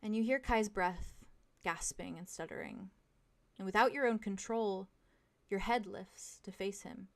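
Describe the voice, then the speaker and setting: Gravelly-voiced young woman narrating a tabletop game. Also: mid-range voice, unhurried. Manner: hushed, dramatic storytelling. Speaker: game master.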